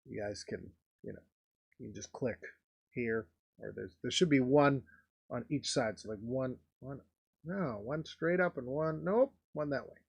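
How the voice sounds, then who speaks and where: A man's voice: mid-range voice, unhurried, gravelly, slightly rough, dry recording, lo-fi sound. A man hosting a nostalgia video, talking casually and laughing between remarks. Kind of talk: casual vlog commentary.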